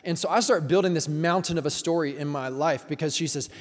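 A man's voice: on the high side, brisk. Man preaching casually in a reverberant hall. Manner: casual, storytelling, engages the congregation with questions. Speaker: pastor. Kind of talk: conversational sermon.

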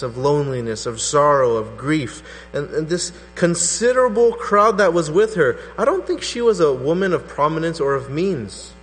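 A man preaching a sermon as pastor, animated and acting out skeptical voices. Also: on the high side. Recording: hall reverb with faint mains hum.

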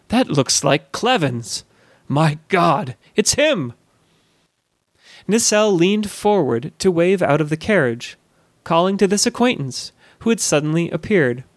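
A man narrating a fantasy audiobook in a measured storytelling manner, on a close studio mic. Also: on the high side, dry recording.

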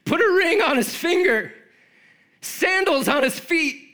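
A man's voice: a little slow, exaggerated voice. A man voicing an overjoyed elderly father who calls out commands to welcome his lost son home. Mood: joyful. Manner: excited, exclaiming commands in a raised high voice. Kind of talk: dramatic scripture reading in a sermon.

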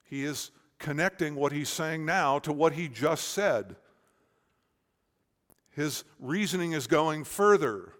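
Emphatic preacher in a reverberant hall. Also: male voice, fairly high pitch, animated, slow. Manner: emphatic, with big swings between loud stresses and quiet questions. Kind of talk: expository sermon. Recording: long reverb of a large hall.

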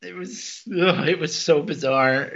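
A man co-hosting a podcast, chatting casually and laughing as he retells TV scenes with quick quoted lines. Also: fairly high pitch, vocal fry, fairly bright tone. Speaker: podcast co-host. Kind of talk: casual episode recap chat. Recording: dull lo-fi podcast mic.

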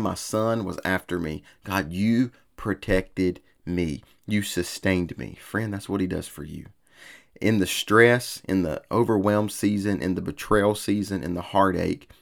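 A man preaching a sermon, his low voice carrying a gravelly rasp. He speaks in an earnest, repetitive cadence and builds his points phrase by phrase. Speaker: pastor.

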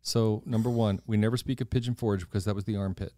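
A man hosting a podcast, telling stories in a gushing, animated casual chat. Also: fairly low pitch, quick pace, no echo, studio quality. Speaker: podcast host.

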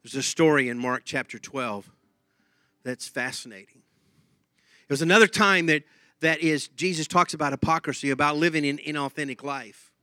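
A male pastor preaching with a bright, forceful voice that sits a touch high. His delivery is animated, with quick repeats and bursts of laughter. The sound is dry and close. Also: no room sound. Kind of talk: sermon.

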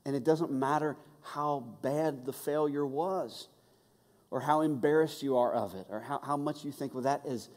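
A man preaching a sermon as pastor, telling the story with humor, quick asides and restarts. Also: fairly high pitch, darkish tone. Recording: long reverb of a large hall.

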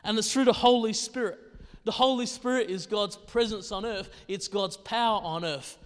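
Male pastor with a high voice, conversational sermon full of rhetorical questions, recorded in a hall with long reverb. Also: moderate pace, clean tone.

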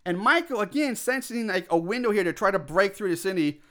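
A man casually retelling a film's plot as a podcast co-host, rambling and animated with quoted asides. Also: high voice, fairly quick. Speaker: podcast co-host recapping a film. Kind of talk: casual chat.

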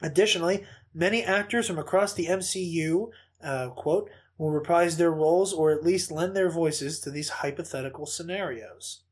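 Podcast host, man, high voice, lively and profane. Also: moderate pace, breathy edge. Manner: animated, swearing storyteller. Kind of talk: casual chat.

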